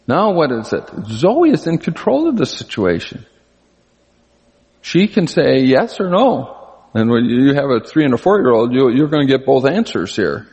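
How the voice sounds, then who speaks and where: Older husky-voiced man preaching in a reverberant hall. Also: big pitch swings, normal speed, darkish tone. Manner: earnest, conversational, pitch jumps up for emphasis. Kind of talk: sermon.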